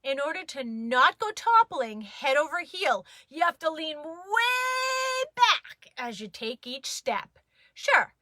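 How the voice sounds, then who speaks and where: A woman reading a children's story aloud, playful and expressive. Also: sits high, dry recording.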